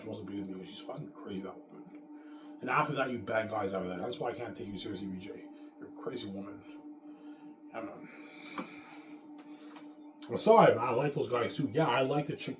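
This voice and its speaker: A man rambles through a boastful, profanity-laced monologue, circling back to the same points again and again. His voice sits on the low side and rings around a reverberant room. Music plays clearly underneath him the whole time. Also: a little fast, long pauses. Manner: boastful and profane, repeats himself. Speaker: vlogger. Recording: echoey room with music playing.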